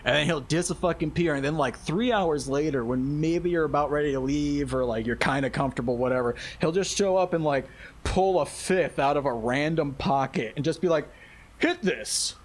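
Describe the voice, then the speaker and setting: A man's voice: on the high side, brisk. Swearing, laughing storyteller man. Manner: animated, laughing, heavy swearing, acts out quotes. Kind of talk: casual profane storytelling.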